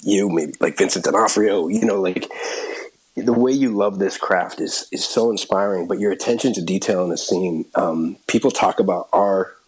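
A man's voice: low voice, normal speed, breathy edge, low-quality recording. A middle-aged actor telling a long anecdote in a casual interview, laughing and restarting as he goes. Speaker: actor and guest.

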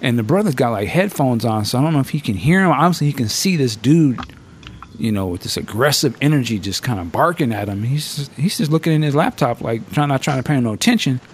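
A man hosting a podcast in casual, profane chat, with a middle-pitched voice. His pitch swings widely as he tells stories and acts out what people said, jumping high for quotes. He laughs often between lines. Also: fast talker, a little hiss or hum. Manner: animated storytelling, acting out quotes in a raised voice. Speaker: podcast host.

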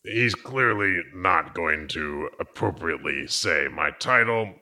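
A man improvising as a petty, touchy boy-king who is haughty and quick to order executions. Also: deep voice, expressive, bright, forceful tone, full character voice. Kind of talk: improvised comedy role-play.

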